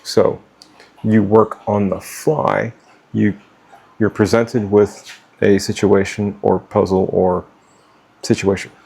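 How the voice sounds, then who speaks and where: A middle-aged man talks straight to his viewers with no script, blunt and full of swearing. His voice sits low and gravelly with a husky edge, and he pauses and restarts as he hunts for words. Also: flat delivery, warm tone. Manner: blunt, profane, stumbling over words. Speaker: vlogger giving life advice. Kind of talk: unscripted talk to camera.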